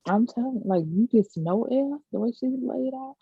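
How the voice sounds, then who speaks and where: A woman co-hosting a casual TV recap podcast, animated and acting out characters' lines with frequent laughs. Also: fairly high pitch, a little fast, gravelly, breathy edge, dry recording, narrow, tinny audio. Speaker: podcast co-host.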